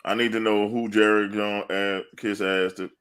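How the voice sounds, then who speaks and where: A man co-hosting a sports podcast, casual chat that breaks into loud, laughing, swearing rants. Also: on the low side, flat delivery, normal speed, clean tone. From New Orleans area. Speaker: podcast co-host.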